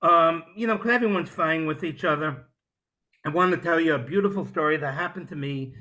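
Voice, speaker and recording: A man doing a stand-up comedy set over a video call, dropping to hushed storytelling and then shouting the punchlines. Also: a little high, fairly quick, dull audio. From New Jersey, US.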